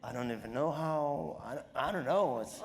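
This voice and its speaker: A middle-aged man from Morocco with a French accent, a comedian being interviewed on stage, who laughs often, acts out voices and talks in halting bursts with many fillers. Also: fairly high pitch, creaky. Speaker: comedian guest.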